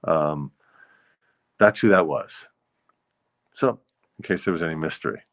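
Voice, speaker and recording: Hosting his own show, a man chats alone in a jokey, rambling style, sometimes slipping into falsetto bits. His voice is expressive and his pace measured, though the recording sounds muffled.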